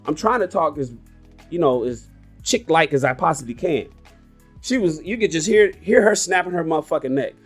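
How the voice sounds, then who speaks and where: Animated man in his forties, blunt. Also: fairly high pitch, normal speed, soft background music. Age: 40s. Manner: animated, blunt, profane storytelling. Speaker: podcast host. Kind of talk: casual livestream chat.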